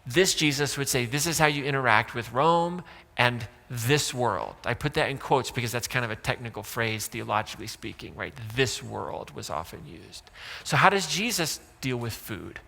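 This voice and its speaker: A man's voice: mid-range voice, expressive, normal speed, gravelly, bright, forceful tone, long reverb tail. A man pastor giving a sermon in a casual, joking way, with asides to the congregation. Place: church sanctuary.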